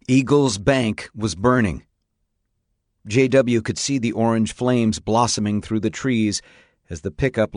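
Low-voiced male audiobook narrator. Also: no echo, clean studio sound. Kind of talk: scripted narration.

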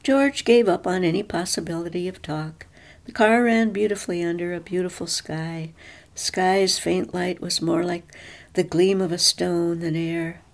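A woman reads a story aloud in a measured, even storyteller's manner. Her narration moves steadily between the spoken lines. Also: fairly low pitch, creaky.

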